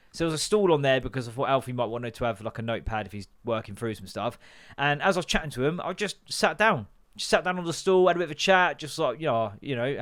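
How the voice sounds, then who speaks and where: This comedian hosting a podcast has a fairly high, slightly bright voice and a quick pace. He rambles casually, swears a lot, jokes around, and slips into other voices to act out quotes.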